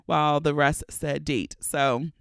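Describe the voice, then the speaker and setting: A woman's voice: low-pitched, measured pace, gravelly, smooth, no room sound, studio quality. Chatty stuffy-nosed woman podcast host. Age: 30s. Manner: chatty, playful and animated, laughing often. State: stuffy from allergies. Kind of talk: casual podcast monologue.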